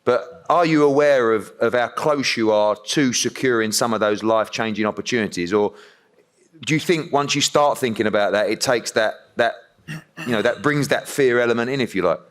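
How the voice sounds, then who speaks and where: A man's voice: medium pitch, moderate pace. A man interviewing at a press conference, asking long, rambling questions with many restarts.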